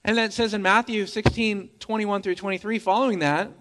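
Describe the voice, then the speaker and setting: A pastor preaching a sermon in a lively, conversational way, adding humorous asides and often repeating words as he goes. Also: sits high, a little fast. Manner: emphatic, repeats words as he speaks.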